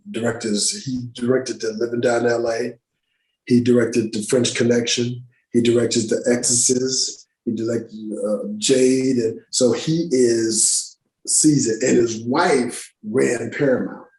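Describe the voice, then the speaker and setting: A man's voice: mid-range voice, a little mellow, echoey room, rough recording. A middle-aged man who works as an actor, telling stories on a podcast in a casual, profane, slang-heavy way. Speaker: actor guest. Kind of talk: casual storytelling interview. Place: podcast studio room.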